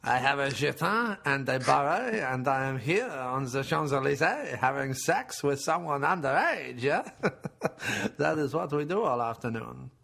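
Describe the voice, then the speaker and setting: A man putting on a mock French accent to play a saucy, boastful Frenchman with deadpan innuendo. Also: mid-range voice, a little slow, creaky, exaggerated voice.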